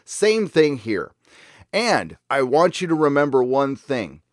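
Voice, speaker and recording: A man's voice: mid-range voice, big pitch swings, slow pace, no echo, studio quality. A man hosting opinionated fan commentary, talking in a sarcastic, emphatic way. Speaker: YouTube commentary host.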